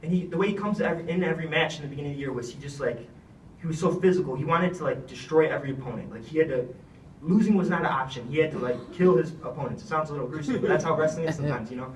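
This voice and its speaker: A young man speaks earnestly at a slightly high pitch, rambling through thanks with plenty of fillers. He stands away from the mic in a roomy, echoing hall, with faint ambience behind him. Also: very fast, slight background noise. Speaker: retiring wrestler giving a thank-you speech. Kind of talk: heartfelt speech. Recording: echoey room, speaker far from mic.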